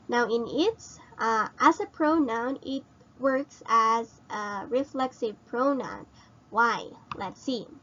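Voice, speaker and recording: Filipino lady teacher, slow step by step grammar explaining, kinda dull lo-fi audio. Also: on the high side. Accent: Filipino English. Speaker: English teacher. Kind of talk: recorded online grammar lesson.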